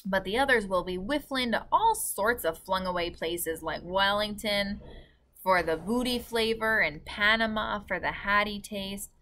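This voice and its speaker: Lady reading as a big friendly giant guy, mixes up his words, bright and a bit louder, storybook read-aloud. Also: mid-range voice, a little slow. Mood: earnest. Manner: jumbled words and grammar, earnest. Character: big friendly old male giant, muddled grammar. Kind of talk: children's book read-aloud.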